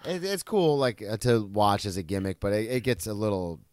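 A man's voice: lowish voice, very animated, a little fast, a little mellow. A man co-hosting a casual sports chat, laid-back and teasing. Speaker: podcast co-host.

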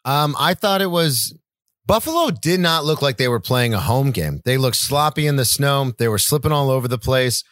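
A young man co-hosting a casual sports podcast, talking in a relaxed, rambling, agreeable way. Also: medium pitch, moderate pace, dry recording, studio quality. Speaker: podcast co-host.

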